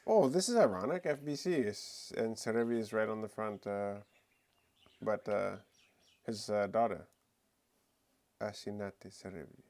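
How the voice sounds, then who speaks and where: A man hosting a casual livestream chat, joking and animated, often slipping into playful accent impressions. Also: fairly low pitch, measured pace, pauses often. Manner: animated, jokey, mimics accents. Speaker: livestream host.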